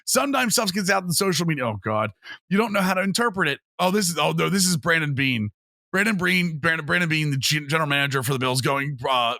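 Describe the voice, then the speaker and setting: Excitable high-voiced man with gravelly edge. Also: no echo, clean studio sound. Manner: animated, laughs often, reads quotes mockingly. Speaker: sports podcast co-host. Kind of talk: casual sports chat.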